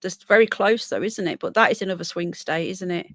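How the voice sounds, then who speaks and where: A British woman from Britain hosts a casual live stream, speaking a little fast in a fairly low voice over background noise. She's chatty and rambling, talking at length and reading results and figures aloud with many fillers.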